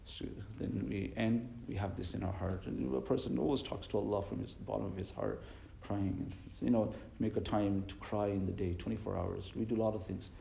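Low, gravelly-voiced man giving an earnest sermon. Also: fairly even intonation, fairly quick, mellow, echoey room, a little hiss or hum, rough recording. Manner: earnest, repetitive, mixes Arabic and Urdu terms. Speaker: imam giving a religious talk.

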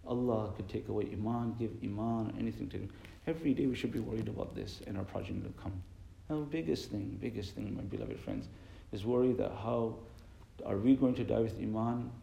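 A man preaches in a low, gravelly voice, earnest and repetitive, and he folds Arabic and Urdu words into his English. His tone is dark and mellow, and the sound bounces around an echoey room. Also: animated, fairly quick, slight background noise. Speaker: imam giving a religious talk. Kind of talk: sermon.

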